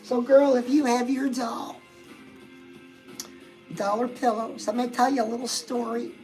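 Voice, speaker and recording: A woman's voice: on the high side, fairly even intonation, normal speed, dark tone, soft background music, poor audio. A woman hosting a casual motivational live stream, chatting straight to her viewers and reading out their comments.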